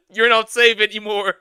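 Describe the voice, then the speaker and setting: A man streaming casual reaction commentary, laughing often and speaking in an animated way. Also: sits high, clear, resonant tone, no echo, clean studio sound.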